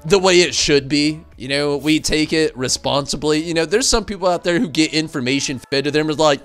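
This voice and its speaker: A man streaming games, chatting casually and telling rambling, animated stories full of fillers. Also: on the high side, fairly quick, hardly any pauses. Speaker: game streamer. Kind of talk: casual chat while streaming.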